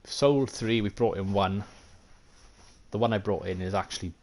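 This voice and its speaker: Speaking at normal speed in a lowish voice with a darkish tone, this man from Wales streams a football management game live. He muses aloud and talks with his viewers, poking fun at himself in a relaxed manner.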